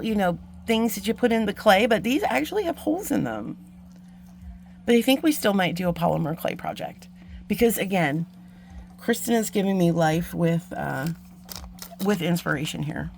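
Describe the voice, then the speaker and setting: A woman's voice: mid-range voice, lively intonation, moderate pace, gravelly, a little mellow, a little hiss or hum. Chatty woman gushing over beads. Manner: gushing, chatty, with frequent ums and gasps. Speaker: jewelry-making channel host. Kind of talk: casual unboxing chat.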